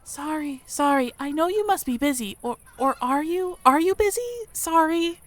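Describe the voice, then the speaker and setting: A woman's voice: high voice, lively intonation, normal speed, voice pushed up. A woman voicing a shy, nervous young female mouse villager in a game, stammering and apologizing. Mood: timid, flustered.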